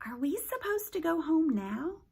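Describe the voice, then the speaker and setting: A woman's voice: very high-pitched, big pitch swings, measured pace, creaky, darkish tone, voice pushed up, exaggerated voice. A woman voicing an eager, friendly teenage boy who talks in an earnest, upbeat way.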